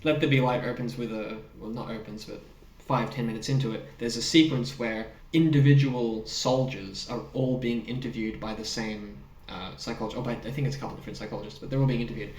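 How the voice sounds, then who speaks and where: A man co-hosting a casual film podcast, animated and quick to laugh, swearing now and then. His voice sits at an ordinary pitch for a man. The sound is roomy, with him set back from the microphone. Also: far from the mic. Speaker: podcast co-host. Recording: roomy sound, speaker off the mic.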